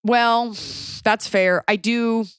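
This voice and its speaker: A woman's voice: fairly high pitch, steady tone, slow pace, slight background noise. A woman from Texas with a light Texan accent, hosting a podcast in casual, rambling chat full of fillers. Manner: chatty, lots of likes and fillers. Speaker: podcast host.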